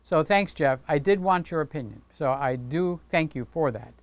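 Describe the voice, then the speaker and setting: A man's voice: on the high side, normal speed, no echo. A man hosting a casual livestream, chatting playfully with viewers and talking with his hands. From Greek heritage. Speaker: livestream host.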